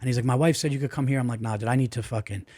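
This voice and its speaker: A man, a comedian on a podcast, telling a story in an animated, profane way and acting out the voices of the people in it. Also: medium pitch, racing, slightly rough. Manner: profane, excitable, acts out voices. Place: podcast studio. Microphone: studio mic.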